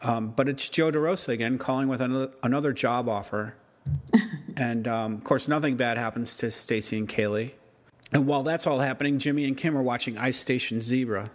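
A man's voice: medium pitch, brisk. A man co-hosting a podcast in casual chat, wry and joking, rambling and often restarting his sentences. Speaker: podcast co-host.

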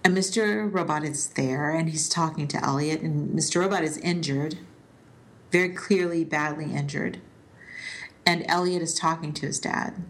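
A woman co-hosting a casual podcast, retelling scenes from a TV episode at length in an animated way. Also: sits low, moderate pace.

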